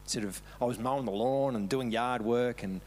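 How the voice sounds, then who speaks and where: A man's voice: mid-range voice, normal speed, slight background noise. A man preaching a casual, storytelling sermon with self-deprecating humour, laughing often as he talks. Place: church service.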